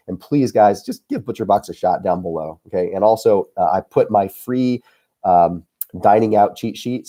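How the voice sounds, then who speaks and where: Deep, mellow-voiced male streamer. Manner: rambling, filler-heavy, earnest. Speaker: channel host. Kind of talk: casual live-stream chat.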